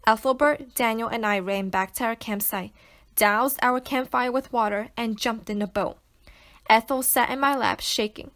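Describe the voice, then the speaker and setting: A woman reads a children's novel aloud for a class of young students. Her voice sits a little high, and she tells the story with expressive, lively storytelling. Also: normal speed. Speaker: teacher reading to students.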